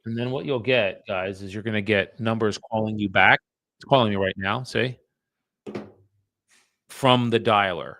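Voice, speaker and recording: A man's voice: lowish voice, normal speed, long pauses, bright, forceful tone, dry recording. A man, a real estate agent chatting bluntly and with some profanity to live-stream viewers while his dialer runs. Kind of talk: casual live-stream chat.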